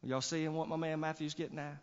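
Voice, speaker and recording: Pastor preaching in a reverberant church. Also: male voice, a little high, flat delivery, a little fast, smooth. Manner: emphatic preaching with rising bursts and repeated words. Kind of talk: sermon. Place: church sanctuary. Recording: church hall reverb, dull lo-fi sound.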